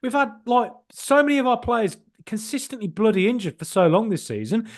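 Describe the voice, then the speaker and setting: A man hosting a casual football podcast, animated and joking, with mild swearing and frequent restarts. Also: high voice, a little fast. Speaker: podcast host.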